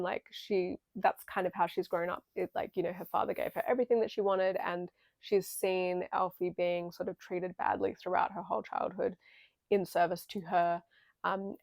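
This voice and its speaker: A woman's voice: medium pitch, creaky, a little mellow, no echo. A young woman giving a casual film analysis, chatty and full of fillers, swearing freely. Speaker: video essay creator.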